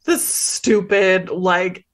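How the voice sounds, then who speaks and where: A woman's voice: medium pitch, fairly even intonation, drawn-out words. A woman player in a tabletop game, describing her character's actions in a giggly, rambling way.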